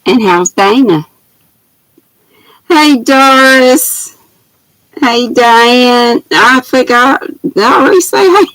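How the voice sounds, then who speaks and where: An older woman chats through a home livestream, calling out her viewers by name with sweethearts and honeys. She talks at an unhurried, drawn-out pace, and her laptop mic sounds dry and close with no room around it. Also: high voice, lively intonation, fairly bright tone, no echo, poor audio. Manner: chatty, greets viewers by name with pet names, laughs often. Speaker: craft livestream host. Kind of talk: casual livestream chat. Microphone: laptop built-in mic.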